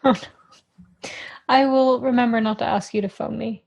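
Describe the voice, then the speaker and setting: A woman's voice: a little high, fairly even intonation, moderate pace, gravelly, a little mellow, highs cut off. A young woman co-hosting a podcast, easygoing with dry humour and steering the casual chat. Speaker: podcast co-host.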